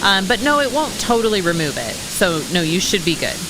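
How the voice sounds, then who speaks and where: A woman's voice: mid-range voice, big pitch swings, brisk. A woman co-hosting a livestream Q&A, talking casually and chiming in with agreement. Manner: casual, lots of agreeing interjections. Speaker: co-host. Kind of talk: livestream Q&A chat. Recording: noisy stream audio.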